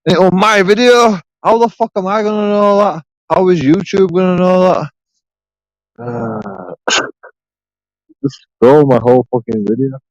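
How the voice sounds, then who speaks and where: A man's voice: high voice, expressive, normal speed, long pauses, dry recording, low-quality recording. A man rambling sarcastically through a profane solo vlog, repeating himself as he goes. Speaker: YouTube auditor.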